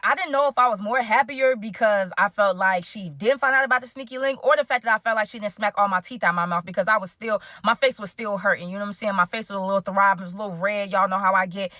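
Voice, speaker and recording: Woman, casual story time, quick delivery, bright voice, dry close sound. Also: medium pitch, dry recording. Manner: animated, acts out quoted dialogue. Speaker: vlogger telling a story to her chat.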